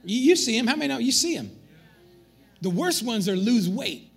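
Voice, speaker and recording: A man delivers a sermon from the pulpit, his voice pitched high and swinging widely up and down. There is a breathy, husky grain to it, and faint music plays underneath. He teases the congregation as he goes. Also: normal speed. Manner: animated, joking with the congregation. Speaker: pastor. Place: church.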